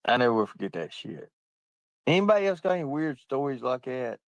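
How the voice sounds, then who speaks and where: A man's voice: mid-range voice, very animated, a little fast, no room sound. A man telling profane stories through bursts of laughter while he chats on a livestream and reads out comments. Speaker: livestream host. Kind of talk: casual livestream chat reading comments.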